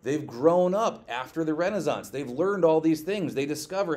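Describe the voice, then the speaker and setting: A male teacher giving a classroom lecture, lively, quizzing his students and checking in with "okay" often. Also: on the high side, moderate pace, few pauses.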